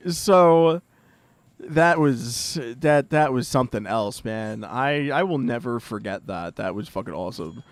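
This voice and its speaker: The speaker is a gaming streamer, his fairly high voice expressive and measured in pace, with no echo at all. He chats casually with a teammate during play, laughing and swearing while describing a fight.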